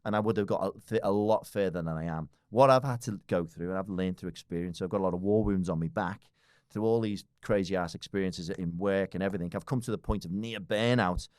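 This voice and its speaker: Blunt low-voiced British man in his forties. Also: fast, darkish tone, clean tone, dry recording, clean studio sound. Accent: British English. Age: 40s. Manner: blunt, swears freely, laughs often. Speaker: guest. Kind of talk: casual podcast conversation.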